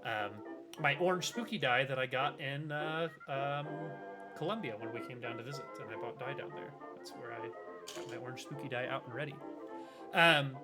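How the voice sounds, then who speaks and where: Chatty man running a tabletop game. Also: fairly high pitch. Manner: loose and chatty, many fillers. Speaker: game master. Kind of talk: explaining rules of a tabletop game. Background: background music.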